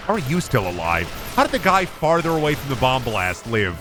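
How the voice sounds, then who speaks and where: Male gaming streamer, lively swooping voice, profane and jokey, game music under him. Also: mid-range voice, fairly quick. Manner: jokey, profane, riffing rambles. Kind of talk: casual gameplay commentary.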